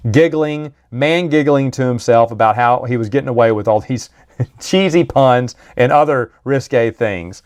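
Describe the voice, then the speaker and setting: Casual male reviewer, mid-pitched, chatty and meandering. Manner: rambling, chatty, with many restarts and asides. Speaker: book reviewer. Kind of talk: casual monologue.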